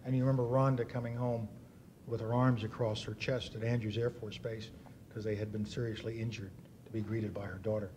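A man's voice: on the low side, level tone, brisk, a little mellow, a little hiss or hum. A man in his fifties giving an after-dinner speech, telling anecdotes with acted-out quotes. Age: 50s. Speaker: dinner speaker. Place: banquet hall.

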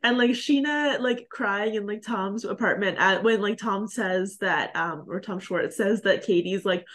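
A woman co-hosting a podcast in casual chat, talking fast and loose with lots of "like" and mocking asides. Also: mid-range voice, a bit bright. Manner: chatty, heavy on "like", mocking impressions. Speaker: podcast co-host.

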